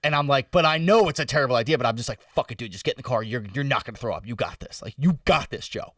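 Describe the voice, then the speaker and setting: A young man casually telling a story on a podcast, loose and animated, with lots of "like" and "bro". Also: medium pitch, rapid-fire, dry recording, distant mic. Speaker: podcast co-host. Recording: dry sound, set back from the mic.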